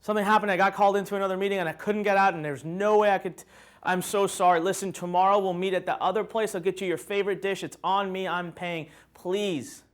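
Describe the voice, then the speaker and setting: A man's voice: high-pitched, fairly even intonation, fast talker, lightly acted. A man acting out a flaky male friend who apologizes over and over, gushing and repetitive. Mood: pleading.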